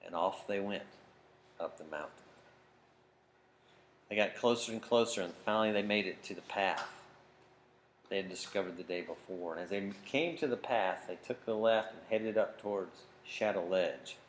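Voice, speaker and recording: A man with a fairly low voice tells a children's story at camp. He tells it dramatically, swelling loud at the big moments. A faint hiss sits under the recording. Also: normal speed. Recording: faint background noise.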